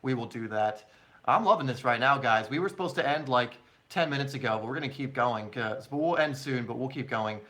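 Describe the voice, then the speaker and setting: A man's voice: medium pitch, brisk, fairly bright tone. A man hosting a live question-and-answer stream for his soccer channel, chatting casually with viewers and using many fillers.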